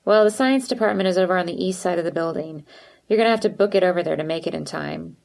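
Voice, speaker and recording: A woman's voice: fairly low pitch, quick pace, gravelly, a little mellow. A woman voicing a blunt, sarcastic teenage girl. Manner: sarcastic, direct.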